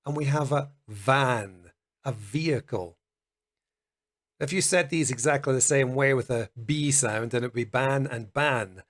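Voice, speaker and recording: A man teaching English pronunciation, speaking slowly and carefully and demonstrating each sound. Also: medium pitch, a bit bright. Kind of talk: pronunciation lesson. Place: Colombia.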